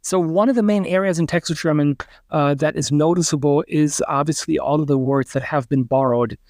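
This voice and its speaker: A middle-aged man, a linguistics professor and podcast guest, explaining at length with many uh and um pauses and sounding out example words. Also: fairly high pitch, a little mellow, no echo. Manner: lecturing, demonstrates pronunciations aloud, frequent uh and um.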